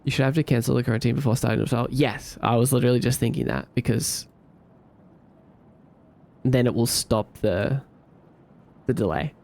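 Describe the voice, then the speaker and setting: A man's voice: medium pitch, normal speed, vocal fry, pauses often. A man live-streaming while he codes a game, chatting casually with viewers, sleepy, rambling and thinking aloud. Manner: relaxed, rambling, thinks aloud, hums to himself.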